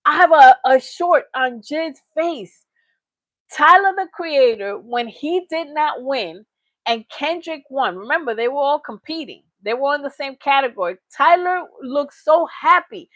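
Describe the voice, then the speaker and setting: High-voiced, blunt woman commentator. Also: unhurried, dry recording. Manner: animated, blunt, laughs often, lots of "you know what I'm saying". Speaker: reaction channel host. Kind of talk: opinionated casual commentary to live chat.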